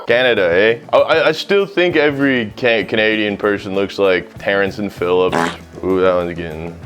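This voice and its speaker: A young American man hosts a casual cooking vlog, joking, swearing and rambling over faint music. His voice is fairly low and a bit bright, at a normal speed.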